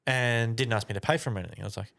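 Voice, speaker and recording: A man's voice: medium pitch, very fast, gravelly, fairly bright tone. Sweary man telling a story. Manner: swears a lot, rambling anecdote. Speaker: podcast co-host. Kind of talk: casual storytelling chat.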